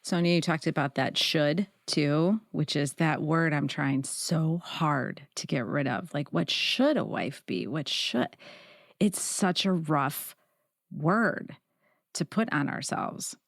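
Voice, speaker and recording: Chatty low-voiced woman host from Chicago. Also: expressive, takes it slowly, no echo, clean studio sound. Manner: chatty, enthusiastic, affirming. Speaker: podcast host. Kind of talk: casual interview chat.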